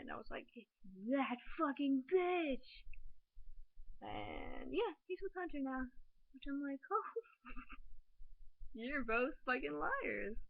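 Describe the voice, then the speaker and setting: A woman's voice: medium pitch, no echo. A young woman vlogging to her camera, rambling and near tears, fighting back crying as she talks. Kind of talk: confessional vlog. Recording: dry, tinny phone-like sound.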